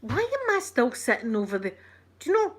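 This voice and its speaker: A Scottish woman in middle age talks casually to her livestream audience. Her voice sits a little on the high side. She tells her stories with animation, slipping into the voices of the people in them. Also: fairly quick. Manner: animated storyteller, acts out what people said. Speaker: channel host.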